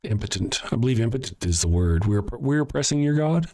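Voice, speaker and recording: A man's voice: medium pitch, lively intonation, brisk, darkish tone. A man hosting a livestream alone, reading chat comments aloud and answering them in a blunt, sarcastic, profane rant.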